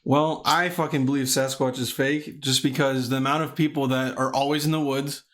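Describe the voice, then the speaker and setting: A man's voice: medium pitch, fairly even intonation, moderate pace, a bit bright. A man co-hosting a casual comedy podcast, rambling and swearing a lot. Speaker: podcast co-host.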